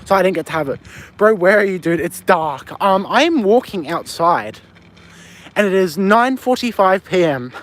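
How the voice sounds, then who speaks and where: Aussie guy with a high voice walking around at night on a phone stream, chatty and rambly, swears a lot, faint traffic behind. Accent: Australian. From Australia. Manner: rambling, answers chat aloud, swears often. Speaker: livestreamer. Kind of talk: casual live stream chat. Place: outdoors on a street at night. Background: faint street and traffic ambience.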